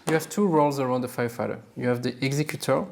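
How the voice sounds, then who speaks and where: A man's voice: medium pitch, fairly even intonation, very fast, gravelly. A middle-aged man with a French accent, chatty and self-mocking, explaining supply chain jobs in a casual educational talk. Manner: upbeat, chatty, laughs at himself. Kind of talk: casual explainer while drawing on a board.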